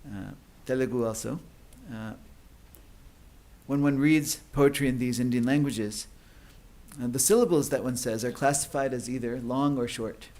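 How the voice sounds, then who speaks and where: Man, conference lecture, explanatory, frequent fillers, mid pitch. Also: normal speed, darkish tone. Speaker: conference speaker. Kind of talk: academic lecture.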